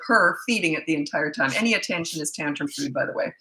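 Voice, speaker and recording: Middle-aged woman, parenting coach; blunt, chatty, rambling asides; lower pitch, roomy echo. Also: sharp tone. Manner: blunt, chatty, frequent "anyway" asides and quick laughs. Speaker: parenting coach and channel host. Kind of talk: casual Q&A monologue with anecdotes. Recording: echoey room.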